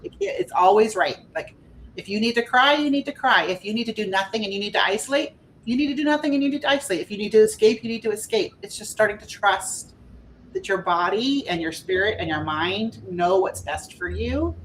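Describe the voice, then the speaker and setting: A woman guesting as a spiritual life coach on a podcast, talking in a gentle, earnest, reflective way. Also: mid-range voice, animated, a little fast, slight background noise. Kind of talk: podcast conversation.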